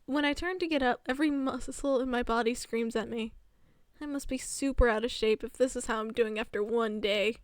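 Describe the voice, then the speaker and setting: High-voiced, flustered woman streamer. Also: fairly quick, no room sound, clean studio sound. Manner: animated, easily flustered, giggly. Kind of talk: reading a visual novel aloud on stream.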